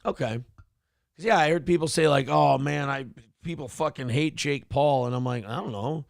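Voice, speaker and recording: A man hosts a casual morning show and talks in a crude, joking way. His voice is high and swings widely in pitch. It carries a gravelly edge, and the sound is dry. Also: moderate pace, no room sound. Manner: profane, joking, mocking impressions. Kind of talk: casual chat.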